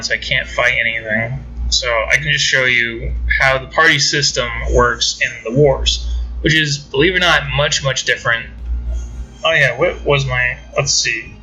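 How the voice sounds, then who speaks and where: A man's voice: medium pitch, pushed and bright, low-quality recording. A man chatting loosely through mobile game commentary, wandering from point to point as he clicks through menus. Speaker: gaming channel host.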